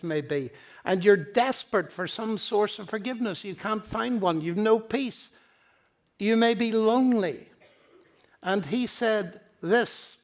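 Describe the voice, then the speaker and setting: An older man lectures with earnest, pleading conviction, his voice sitting high for a man. He moves through stories and quoted exchanges in a university hall. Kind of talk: public lecture on faith and science.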